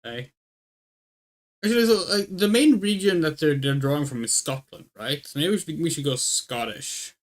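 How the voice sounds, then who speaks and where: A woman's voice: deep voice, animated, normal speed. A woman streaming a game, chatting casually with her viewers and thinking aloud as she picks options, referring to herself as "we". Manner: thinking aloud, rambling, speaks of self as "we". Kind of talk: casual let's play commentary.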